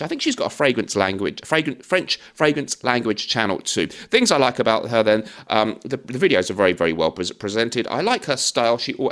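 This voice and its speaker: A man's voice: medium pitch, fairly bright tone. A man in his forties giving a chatty, rambling video review with a self-deprecating streak. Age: 40s. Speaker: fragrance YouTuber. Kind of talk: casual video review chat.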